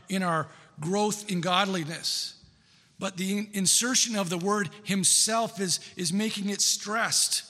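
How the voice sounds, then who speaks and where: Emphatic high-voiced preacher in a reverberant hall. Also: male voice, bright, forceful tone. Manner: earnest, emphatic, repeats key phrases. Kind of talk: sermon.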